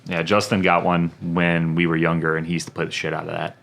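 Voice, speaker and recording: A man's voice: low voice, monotone, fast, vocal fry, fairly bright tone. A man from Arkansas, co-hosting a podcast and talking eagerly and casually about a film. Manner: enthusiastic, swears casually. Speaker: podcast co-host.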